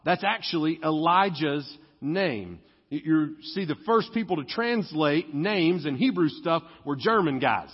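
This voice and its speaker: A young man with a drawl preaches a sermon in conversational style, stretching out the words he wants to land. His voice sits high and a little husky. The recording is dull, with a long church-hall reverb. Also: lively intonation. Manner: conversational preaching, slows and stresses key words. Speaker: pastor. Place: church sanctuary.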